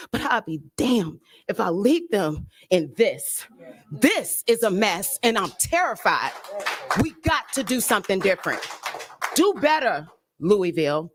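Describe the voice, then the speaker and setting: A woman's voice: medium pitch, very animated, unhurried, slightly rough. A middle-aged woman giving an impassioned public speech at a remembrance ceremony, emphatic and urging, in short punchy phrases.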